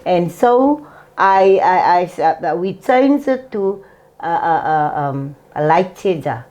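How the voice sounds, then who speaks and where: A woman in her sixties, a guest in a casual interview over a video call, speaking haltingly with many hesitations. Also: fairly low pitch, animated, darkish tone. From South Africa. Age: 60s.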